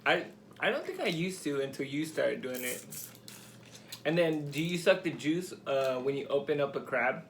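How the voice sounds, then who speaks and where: A man's voice: a little high, animated, normal speed, fairly bright tone, a little hiss or hum. A man co-hosting a mukbang with his partner, talking casually and hesitantly with many ums. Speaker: co-host partner. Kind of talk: casual chat while eating.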